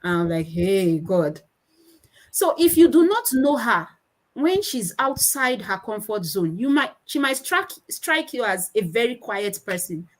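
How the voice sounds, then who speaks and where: Animated Nigerian woman in her thirties speaking at a conference. Her high voice swoops through a wide range as she acts out her kids. She talks in a lively, storytelling way. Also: a little slow, poor audio. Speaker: conference speaker on child speech. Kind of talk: conference talk with anecdotes.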